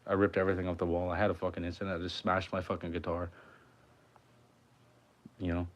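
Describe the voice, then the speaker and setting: A man's voice: deep voice, level tone, fast, slight background noise. A man musician chatting casually on a livestream from his home, rambling and swearing a lot. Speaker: musician streamer.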